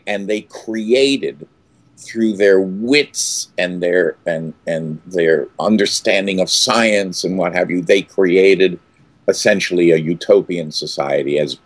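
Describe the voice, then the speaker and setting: A low-voiced man in his sixties, an actor, is interviewed and tells stories with great animation. He performs quotes with sudden loud outbursts and frequently starts over, and there is no room sound.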